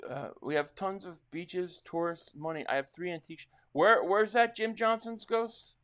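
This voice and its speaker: A man's voice: sits high, normal speed, smooth. A middle-aged man with a New Jersey accent hosts a casual live-stream reaction to a football game. He chats loosely with viewers and calls the plays as they happen. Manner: rambling chat with chat readers, bursts into excited play calls.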